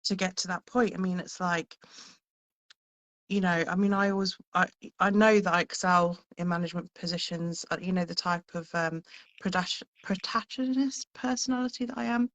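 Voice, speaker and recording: A woman's voice: on the low side, fairly even intonation, normal speed, a bit bright. Effusive woman hosting a chat. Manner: effusive, motivational, many fillers. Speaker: host. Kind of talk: casual chat. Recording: slightly dull lo-fi audio.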